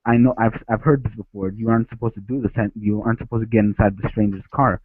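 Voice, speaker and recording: A lowish-voiced man from Ecuador speaks fast with fairly even intonation as he calls in on a headset. He rambles through a childhood story, restarting many times, and the dry recording has a tinny, phone-like quality.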